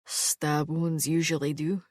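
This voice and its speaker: A woman voicing an immortal male swordsman who speaks in a low, quiet, dryly amused undertone. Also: little pitch movement, slow, no room sound, studio quality. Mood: hushed. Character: gruff immortal male swordsman, dry wit.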